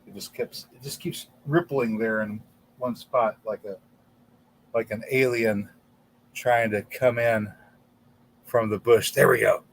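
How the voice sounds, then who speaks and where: A man's voice: lowish voice, fairly even intonation, unhurried, pauses often. A man hosting a casual livestream in front of a green screen, rambling and stumbling over repeated words. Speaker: channel host.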